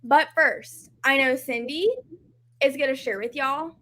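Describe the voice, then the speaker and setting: A woman's voice: sits high, moderate pace, a bit bright. A woman co-hosting a casual live stream, upbeat and brief. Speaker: co-host.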